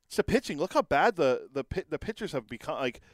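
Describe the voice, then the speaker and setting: A man co-hosting a casual sports podcast, rambling along in a conversational way. He talks fast in a slightly high voice. The sound is close and dry. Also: big pitch swings, dry recording. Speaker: podcast co-host.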